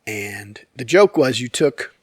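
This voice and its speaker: A man's voice: mid-range voice, animated, slow, breathy edge, no room sound, studio quality. Rambling, wry man telling a story. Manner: rambling and candid, with many fillers and self-corrections; wry, self-deprecating humor. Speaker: YouTube storyteller. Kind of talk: casual storytelling monologue.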